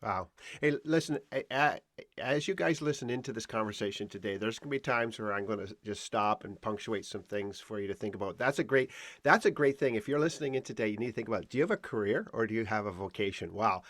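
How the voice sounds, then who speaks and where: A man's voice: lowish voice, fast, a bit bright, no room sound. A man hosting a podcast, introducing his guest in a playful, teasing way. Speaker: podcast host. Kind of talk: conversational interview.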